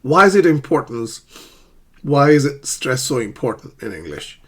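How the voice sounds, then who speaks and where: A man teaching English pronunciation in an online lesson, speaking deliberately and repeating words to demonstrate how their stress shifts. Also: medium pitch, big pitch swings, breathy edge.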